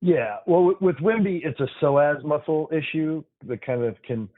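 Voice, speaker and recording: This man's voice is fairly high and his speed normal, with no echo on the dry, phone-like remote line. An emergency physician guesting on a casual podcast, he keeps an upbeat tone and plain explanations.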